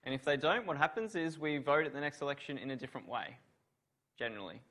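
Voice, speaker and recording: A man's voice: medium pitch, expressive, quick pace, a bit bright. A man giving a university revision lecture on law, asking students questions and praising their answers.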